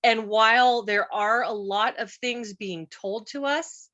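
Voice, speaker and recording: A woman's voice: on the high side, slow pace, a bit bright, highs cut off. A middle-aged woman, a guest panelist on a film review show, chatting casually in a rambling, storytelling way. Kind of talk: casual chat.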